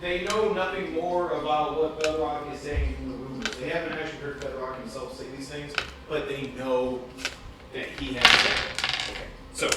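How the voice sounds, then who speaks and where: A man's voice: on the high side, fairly even intonation, moderate pace, very noisy. A man narrating a tabletop game as dungeon master, casual and coaching his players. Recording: echoey room, distant mic.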